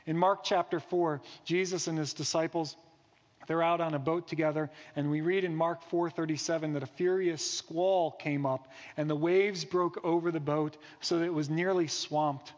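A man's voice: a little high, steady tone, moderate pace, long reverb tail. A man preaching a sermon in an earnest, reflective way, posing rhetorical questions. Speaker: pastor.

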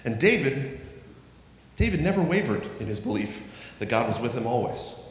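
A man preaching a sermon, earnest and deliberate, slowing down to stress key words and reading scripture aloud. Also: mid-range voice, sing-song. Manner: earnest, reads scripture aloud, slows for emphasis. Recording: echoey hall with faint ambience.

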